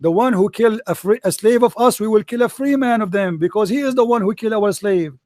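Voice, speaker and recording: A man's voice: sits high, brisk, darkish tone, no room sound, clean studio sound. A man arguing hard in a religious debate, mocking and repeating himself. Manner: combative, mocking, repeats phrases.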